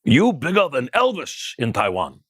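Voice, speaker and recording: A man's voice: medium pitch, huge pitch swings, moderate pace, a bit bright, slightly rough, no room sound, studio quality, pitched above the performer's own voice, full character voice. A man quoting an eager fan in broken English. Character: excited male fan speaking broken English.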